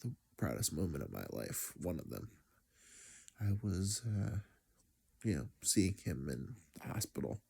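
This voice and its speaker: A man's voice: sits low, sing-song, measured pace, creaky, a little mellow, husky. A grieving man telling a personal story in a reflective, rambling way, sighing and dropping to near-whispers. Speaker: vlogger.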